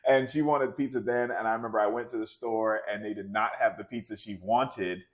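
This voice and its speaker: A man's voice: lowish voice, fairly even intonation, fairly quick, poor audio. A man co-hosting a podcast, talking casually and earnestly, laughing often. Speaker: podcast co-host. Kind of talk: casual chat.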